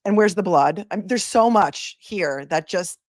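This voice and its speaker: A woman attorney hosting a casual legal talk livestream, talking in an animated, emphatic way and stressing her points in lists. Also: mid-range voice, normal speed, no echo, clean studio sound. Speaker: attorney and show host.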